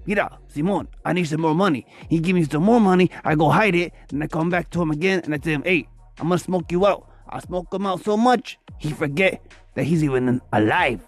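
Casting: man playing a cocky young street hustler, husky and a touch high, bragging swagger. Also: fairly quick, soft background music. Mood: boastful. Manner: brags with street slang, swaggering. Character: scheming young male street hustler, boastful.

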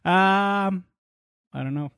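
Blunt, joking male co-host, slightly high voice, dry close mic. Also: slow, fairly bright tone, smooth, no echo. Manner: joking, blunt, swears casually. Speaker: podcast co-host. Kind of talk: casual chat.

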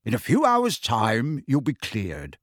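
A man reading an audiobook voices a kind, cheerful middle-aged father who speaks slowly and bracingly. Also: medium pitch, wildly swooping pitch, a bit bright, no echo, studio quality, heavily acted.

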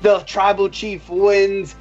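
A man's voice: high-pitched, level tone, slow pace, a little mellow, highs cut off, faint music behind. A man co-hosting a casual chat, easygoing with frequent restarts. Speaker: podcast co-host.

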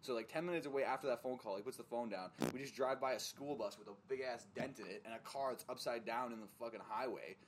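A man's voice: medium pitch, quick pace, few pauses, noisy background. Young man telling a rambling story. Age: young adult. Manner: animated, profane storytelling with lots of fillers. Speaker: podcast co-host. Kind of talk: casual storytelling chat.

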